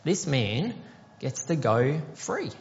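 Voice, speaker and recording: A man's voice: fairly high pitch, big pitch swings, takes it slowly, creaky. A man preaching a sermon, explaining a parable conversationally and asking the congregation questions. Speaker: pastor. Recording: dull sound with long hall reverb.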